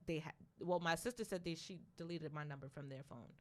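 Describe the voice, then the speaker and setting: A young adult woman co-hosting a podcast, telling a story in a casual, animated way, with plenty of profanity and laughter. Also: deep voice, brisk. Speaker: podcast co-host.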